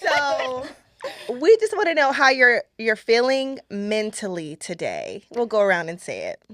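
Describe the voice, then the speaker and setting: A woman's voice: on the high side, sing-song, a little slow. An American woman hosting a podcast, enthusiastic and giggly as she introduces a guest and leads the chat. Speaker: podcast host.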